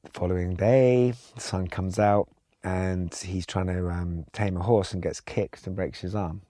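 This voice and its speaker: Calm, reflective male guest with a very low voice, relaxed storyteller, dry studio sound. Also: a little slow, no room sound. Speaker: podcast guest, songwriter.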